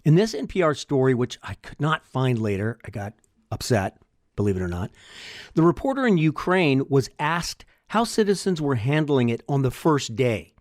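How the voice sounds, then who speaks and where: An older man talks through his podcast on his own, drifting into wry asides and rhetorical questions. His voice is mid-pitched and recorded dry, with no room sound. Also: big pitch swings, normal speed, no echo. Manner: chatty, wry, rambling asides. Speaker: podcast host. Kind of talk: solo podcast monologue.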